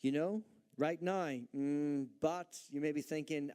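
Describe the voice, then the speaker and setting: Male pastor, sermon delivery, emphatic with rhetorical questions, slightly higher voice. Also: unhurried, dark tone, clear, resonant tone. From Northern Ireland. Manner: emphatic preaching with rhetorical questions and acted-out doubts.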